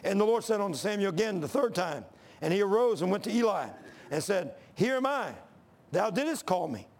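High, gravelly preacher. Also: male voice, animated, fairly quick, a little mellow. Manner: folksy storytelling, reading scripture aloud. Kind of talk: sermon.

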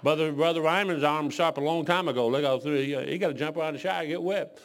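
A man's voice: a little high, fast, slight background noise. A man in his sixties from Detroit, preaching a folksy sermon full of rambling, joking stories. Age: 60s.

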